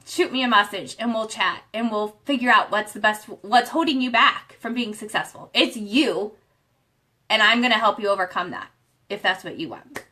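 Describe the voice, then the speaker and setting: A woman's voice: medium pitch, moderate pace, bright, forceful tone. A woman coaching viewers in a motivational live stream. She speaks earnestly and gets fired up, rambling with restarts. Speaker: accountability group coach.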